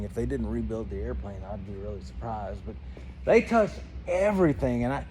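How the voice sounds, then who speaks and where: A man from Georgia with a Southern accent, hosting a casual aircraft demo vlog in a hangar, chatting in a folksy way with lots of fillers. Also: mid-range voice. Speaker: flight instructor and aircraft demo host.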